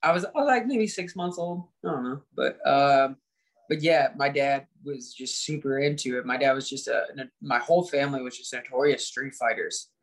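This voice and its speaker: A man around thirty from Indiana, a fighter chatting as a podcast guest, energetic and rambling with many fillers and restarts. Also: mid-range voice, moderate pace. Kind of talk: casual podcast chat.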